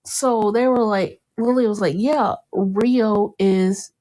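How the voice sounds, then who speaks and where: A young woman hosting a casual podcast, recapping an episode and acting out what the characters said with sudden jumps in pitch and frequent laughter. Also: slow pace. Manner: animated, acts out quotes in a jumped-up pitch, laughs often. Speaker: podcast host.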